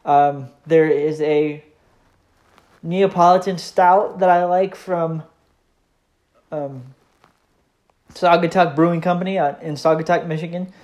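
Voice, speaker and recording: Mellow, easygoing man hosting a podcast. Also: a little high, fairly even intonation, slow, pauses often. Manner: easygoing, rambling, frequent hesitations. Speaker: podcast host. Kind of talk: casual solo podcast monologue.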